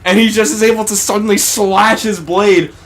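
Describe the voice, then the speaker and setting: A man's voice: high-pitched, moderate pace. A man casually retelling an anime episode while playing a game, cursing freely and acting out what the characters say. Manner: profane, animated retelling, acting out quoted characters. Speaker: let's play co-host. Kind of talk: casual gaming commentary chat.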